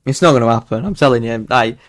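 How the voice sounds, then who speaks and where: Fast and medium-pitched, a man with a mild Yorkshire accent, from Yorkshire, England, hosts a live weather forecast stream. He's rambling and chatty with lots of fillers and restarts, and there's no echo.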